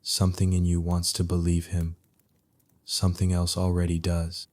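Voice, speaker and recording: Very deep, soft-spoken male storyteller. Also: completely flat delivery. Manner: soft, hushed, unhurried. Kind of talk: soothing sleep story narration.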